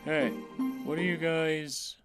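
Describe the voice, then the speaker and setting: A man voicing a laid-back, deadpan male character in an amateur fan dub with a slow, drawling delivery. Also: fairly high pitch, music in the background.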